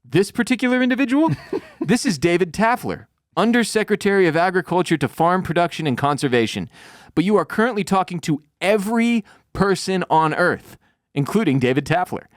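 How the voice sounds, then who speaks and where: A man doing a calm, soothing official. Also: high-pitched, fairly quick, no room sound, clean studio sound, voice pushed up. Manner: soothing, reassuring, courteous. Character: calm, overly polite middle-aged male official. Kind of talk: acted quote in a podcast recap.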